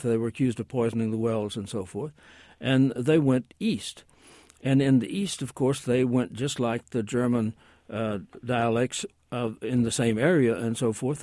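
A man answers listeners on a call-in radio show, rambling through his explanations with frequent pauses and self-corrections. His voice is mid-pitched and sits dry and close to the mic. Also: dark tone, dry recording. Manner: rambling, many hesitations and asides. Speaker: guest language expert.

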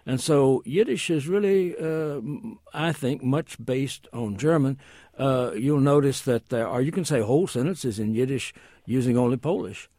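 A man's voice: mid-range voice, moderate pace, hardly any pauses, mellow, no room sound, clean studio sound. Rambling, hesitant man explaining on radio. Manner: rambling, many hesitations and asides. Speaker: guest language expert.

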